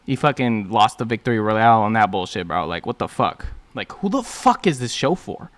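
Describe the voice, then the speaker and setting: A man's voice: fairly low pitch, big pitch swings, moderate pace. A man ranting profanely as an online commentator, swearing heavily and leaning on "bro" and "like". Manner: heavy swearing, lots of "bro" and "like".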